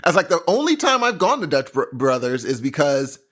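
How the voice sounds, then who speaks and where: Young male co-host, exasperated ranter, slightly high, animated pitch. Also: brisk. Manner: exasperated, says dude a lot, rambling restarts. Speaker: podcast co-host. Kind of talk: casual chat.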